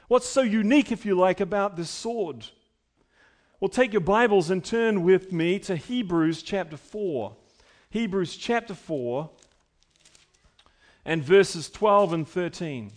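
A middle-aged man preaching a sermon as pastor, emphatic and building with repeated phrases. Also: on the high side.

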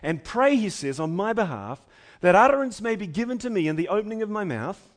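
A middle-aged male pastor with a high, fairly quick voice and big pitch swings preaches a sermon. He builds to emphatic declarations, then drops into quiet, conversational asides, often repeating himself as he restarts phrases.

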